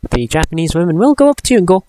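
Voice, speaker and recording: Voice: mellow, dry recording. A vlogger, telling stories in rambling casual chat that keeps interrupting itself. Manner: rambling, self-interrupting, often drops into high squealing impressions. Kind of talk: casual storytelling vlog chat.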